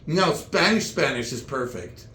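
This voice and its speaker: A man telling comic stories in meandering, halting chat full of restarts. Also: on the high side, lively intonation, pushed and bright, roomy sound, a little hiss or hum. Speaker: comedian. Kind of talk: rambling comedic chat.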